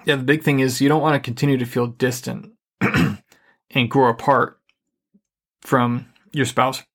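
A middle-aged man co-hosting a podcast, giving relationship advice in a calm, even, deliberately unhurried way. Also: mid-range voice, creaky. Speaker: podcast co-host. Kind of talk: casual advice chat.

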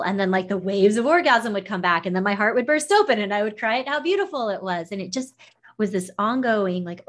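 A woman talking as a podcast guest, recounting a personal experience in an effusive, emotional way with many "like" fillers. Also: mid-range voice. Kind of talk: personal storytelling in conversation.

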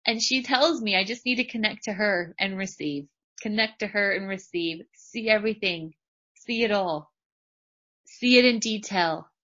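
A woman's voice: fairly high pitch, fairly bright tone. Emphatic woman coach, muffled. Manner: emphatic, repeats phrases for effect. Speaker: podcast host and business coach. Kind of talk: motivational spiritual talk. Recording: dull lo-fi recording.

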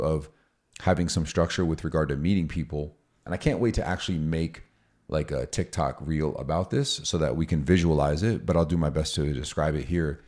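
Deep-voiced man explaining dog training. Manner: energetic, explanatory, acts out dialogue. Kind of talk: casual podcast chat.

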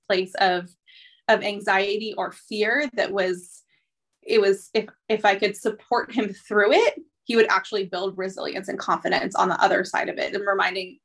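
A woman's voice: medium pitch, a bit bright. A woman in her thirties, a therapist hosting a podcast, talking things through in a thoughtful, reflective way with plenty of fillers. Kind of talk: casual conversation.

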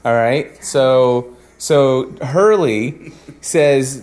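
A man's voice: mid-range voice, slow pace, a little mellow. A man hosting a casual fan chat, rambling as he recounts scenes. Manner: rambling, stumbling restarts. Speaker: podcast host.

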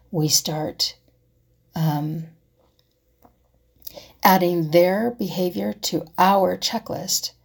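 A woman's voice: fairly low pitch, gravelly, breathy edge. A woman talking reflectively to camera, asking herself a string of questions and sometimes dropping to a whisper. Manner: asks herself rhetorical questions, drops to soft whispers. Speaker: vlogger. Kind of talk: reflective personal talk.

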